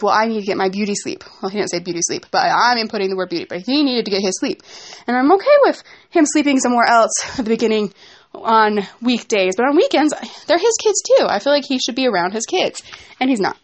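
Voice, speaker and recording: A woman's voice: a little high, lively intonation, fast. A young woman venting in a rambling personal vlog about a fight at home, speaking with frustration. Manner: frustrated rambling storytelling with asides to her kids. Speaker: vlogger.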